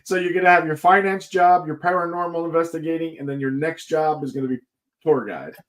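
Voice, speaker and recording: A man from the United States hosting a casual interview, telling relaxed stories and quoting his own past remarks. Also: on the high side, brisk. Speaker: host. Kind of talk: casual chat.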